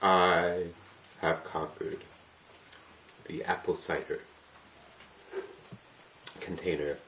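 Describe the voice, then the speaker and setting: Male vlogger with a deep voice who thinks out loud in a loose, meandering way. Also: steady tone, drawn-out words, slight background noise, rough recording. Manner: rambling, thinking aloud with fillers. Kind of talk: casual musing vlog. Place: home.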